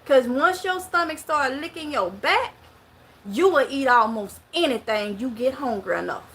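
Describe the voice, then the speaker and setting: Animated Mississippi woman telling stories. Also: high voice, normal speed. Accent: Mississippi Southern. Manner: animated storytelling with rural Southern dialect. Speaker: vlogger. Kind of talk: casual monologue to camera.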